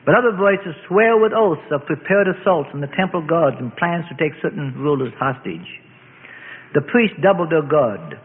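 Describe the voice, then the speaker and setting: Male narrator, dramatic historical storytelling, fairly high voice, phone-thin radio recording. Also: lively intonation, moderate pace, slight background noise. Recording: phone-like radio sound, long reverb.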